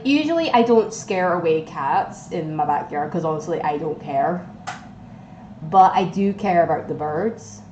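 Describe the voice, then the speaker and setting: A woman's voice: fairly low pitch, muffled recording. A young woman chatting casually with her stream viewers, swearing freely and easily amused. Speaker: livestreamer. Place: home kitchen indoors. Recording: echoey room with loud background noise.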